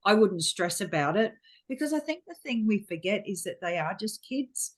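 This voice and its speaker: A woman's voice: lowish voice, normal speed. Chatty middle-aged Australian woman. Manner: frank, chatty storyteller acting out quotes. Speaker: guest. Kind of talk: casual interview chat.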